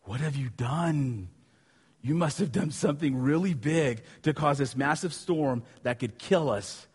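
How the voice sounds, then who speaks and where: A man voicing frightened sailors, speaking slowly in alarmed, pleading questions. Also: a little high, husky, voice pushed down. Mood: panicked. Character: frightened sailors, adult men, panicked. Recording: long hall reverb.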